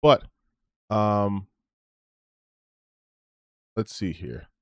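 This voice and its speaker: A man's voice: fairly low pitch, big pitch swings, very slow, clear, resonant tone, dry recording, studio quality. A man streamer closing out his stream in a rambling, self-promoting chat, swearing freely as he talks. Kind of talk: casual stream sign-off chat.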